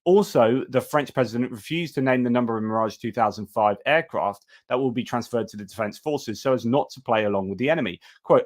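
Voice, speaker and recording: A man in a mid-range voice reads defense news from a script and keeps stopping to add his own chatty comments. He fills pauses with "uh" and "um" and trips over words now and then. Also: medium pitch. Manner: reads news items aloud with frequent fillers and asides. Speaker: host. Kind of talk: live-stream news commentary.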